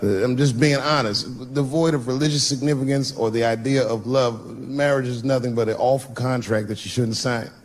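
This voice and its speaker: A man's voice: mid-range voice, normal speed, hardly any pauses. A man telling a stand-up story, profane and conversational, acting out the people he quotes. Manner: profane, conversational, animated quoting. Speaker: stand-up comedian. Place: comedy stage with laughing audience. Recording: live stage recording with crowd noise.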